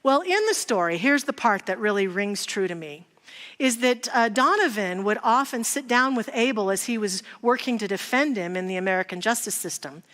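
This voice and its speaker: A woman minister delivers a sermon in a large church sanctuary, her mid-range voice lively in intonation at a normal speed. She tells stories in a warm, conversational way and poses rhetorical questions. Long hall reverb fills the recording.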